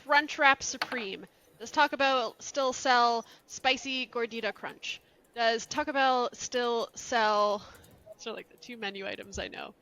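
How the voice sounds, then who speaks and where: Podcast guest: giggly woman from Canada, slow and unhurried, bright tone, pokes fun at herself. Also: on the high side, slight background noise. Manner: giggly, self-deprecating. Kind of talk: casual chat, playing a guessing game.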